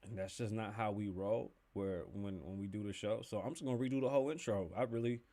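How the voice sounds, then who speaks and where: A man's voice: lowish voice, steady tone, fast talker, mellow. Loose, joking man hosting a podcast. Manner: loose, joking, chatty, swears freely. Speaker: podcast host. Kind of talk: casual livestream podcast with sponsor read.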